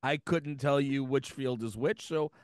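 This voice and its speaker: A man co-hosting a podcast in casual chat, talking haltingly with many restarts and laughing often. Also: mid-range voice, a little mellow, smooth, no echo, clean studio sound. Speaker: podcast co-host.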